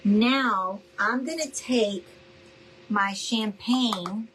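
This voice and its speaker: A woman's voice: medium pitch, extremely slow, fairly bright tone, a little hiss or hum, low-quality recording. A middle-aged woman hosting a casual live crafting demo, chatty and friendly, calling her viewers y'all. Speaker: craft tutorial host.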